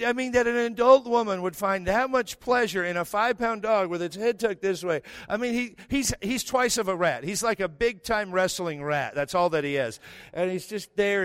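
A middle-aged man with a slightly high voice tells funny family stories as part of a sermon. His delivery is quick with joking asides, recorded close and dry. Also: fairly bright tone, clean tone, no room sound. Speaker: preacher. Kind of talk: humorous sermon storytelling.

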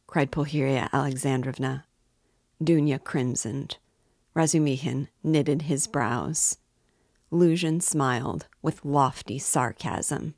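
Low-voiced woman reading a novel aloud. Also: takes it slowly, no echo, studio quality. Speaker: book reader.

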